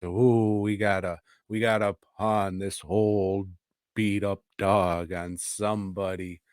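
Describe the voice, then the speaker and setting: A man's voice: lowish voice, level tone, slow pace, darkish tone, dry recording, studio quality. A man mimicking scheming women who run an orphanage and gossip about getting rid of a boy.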